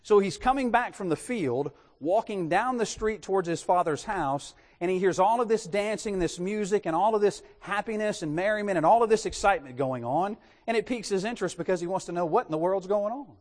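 A man preaching a sermon in an animated way, putting rhetorical questions to his congregation. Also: sits high, fairly quick, few pauses, long reverb tail.

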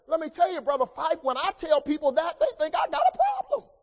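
A man preaching a sermon, swinging between loud emphatic lines and hushed, low passages. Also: huge pitch swings, a little fast, few pauses, long reverb tail.

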